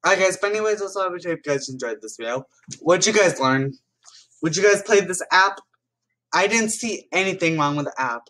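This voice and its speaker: A man's voice: high voice, expressive, brisk, sharp tone. A man giving casual reaction commentary as a YouTuber, chatting to viewers and reading stories aloud with small restarts.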